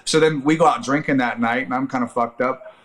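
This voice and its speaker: A man in his thirties telling a long, animated, profane story as a guest on a casual podcast chat. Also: medium pitch, brisk. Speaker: podcast guest, actor and Army veteran.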